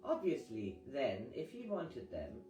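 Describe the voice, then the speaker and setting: A man's voice: medium pitch, huge pitch swings, takes it slowly, mellow. A man reading aloud who voices a terse, impatient young woman speaking curtly. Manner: curt, dismissive. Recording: echoey reading over guitar music.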